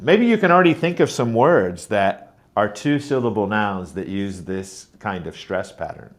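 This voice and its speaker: Slow, lively-voiced male pronunciation teacher. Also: lowish voice. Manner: slow, exaggerated stress on example words; explains clearly, models sounds like mm-mm. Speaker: teacher trainer. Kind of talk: pronunciation lesson.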